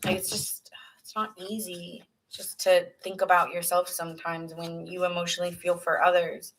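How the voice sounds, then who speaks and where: Woman, casual tarot reader. Bright, crisp tone, earnest and rambling, with quiet whispered asides. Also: on the low side, little pitch movement, moderate pace, rough recording.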